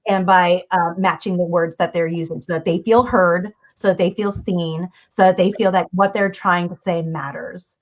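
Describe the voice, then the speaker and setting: A woman coach gives communication advice in a casual interview, speaking animatedly and imitating the voices of people she quotes. Her voice is fairly low, at normal speed with hardly any pauses, and the audio is dull and lo-fi.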